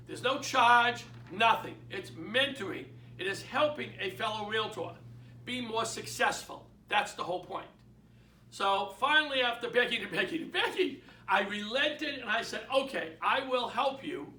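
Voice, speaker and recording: A man's voice: high voice, lively intonation, normal speed, bright, forceful tone, recorded from a distance, slight background noise. A man with a Boston accent, a real estate mentor giving an emphatic motivational sales talk and repeating his key points. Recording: echoey room, away from the mic.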